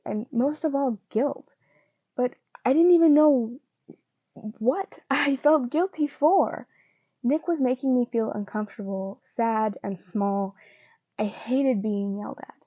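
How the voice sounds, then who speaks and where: A woman reading fanfiction aloud in an earnest first-person voice, with pauses and small slips. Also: on the high side, dry recording, narrow, tinny audio. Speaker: fanfiction reader.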